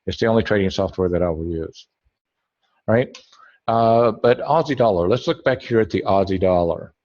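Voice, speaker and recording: Man, webinar trading instructor, low voice, rambling, self-correcting, dull lo-fi sound. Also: normal speed, darkish tone. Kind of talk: screen-share trading tutorial.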